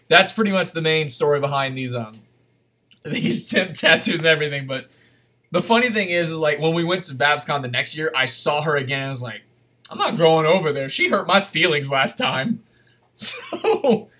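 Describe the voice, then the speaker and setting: Bright-voiced chatty man. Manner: chatty, rambling with fillers and laughs, high animated quoted voices. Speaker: convention panelist. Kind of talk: casual storytelling.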